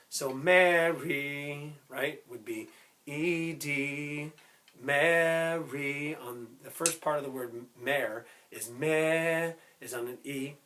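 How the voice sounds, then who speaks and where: A man teaching a step-by-step music lesson who explains slowly, keeps checking in with "right?" and breaks into short sung snippets. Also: medium pitch. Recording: loud instrument playing behind the voice.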